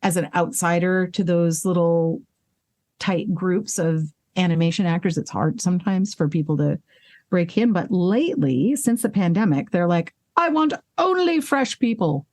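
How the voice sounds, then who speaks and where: A woman voice actress and singer talking candidly as an interview guest, animated, swearing freely and laughing at herself, with hiccups breaking in now and then. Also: lowish voice, moderate pace, no room sound. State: hiccuping and burping. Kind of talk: casual interview conversation.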